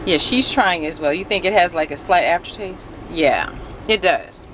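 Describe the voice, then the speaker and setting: A woman's voice: on the low side, moderate pace. Chatty woman vlogging in a noisy restaurant. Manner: chatty and animated, laughs often. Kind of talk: casual food review vlog.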